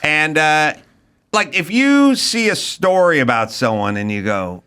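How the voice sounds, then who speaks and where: A man's voice: a little high, sing-song, measured pace, bright, forceful tone, clear, resonant tone. A middle-aged man hosting a podcast, telling crude, rambling stories in casual banter. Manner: blunt, crude, rambling storyteller. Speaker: podcast host.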